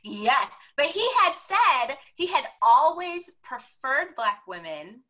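A woman guest telling stories in a casual interview, animated and acting out the voices she quotes. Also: high-pitched, takes it slowly, low-quality recording.

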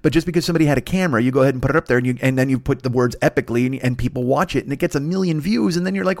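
A man's voice: very fast, hardly any pauses, no echo. Profane, ranting man on a podcast. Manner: animated, rising to high indignant bursts. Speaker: podcast host. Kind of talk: ranting solo comedy podcast.

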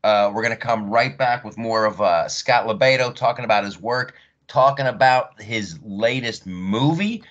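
A man's voice: on the low side, normal speed, a bit bright, dull audio. Easygoing male podcast host. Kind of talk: casual interview talk.

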